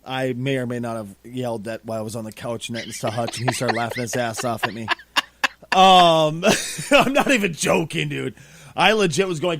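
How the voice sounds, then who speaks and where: A man co-hosting a casual podcast, telling stories bluntly with lots of swearing and sudden excited outbursts. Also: mid-range voice, moderate pace, gravelly, dry recording, clean studio sound. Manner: blunt, profane, excitable storyteller. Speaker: podcast co-host.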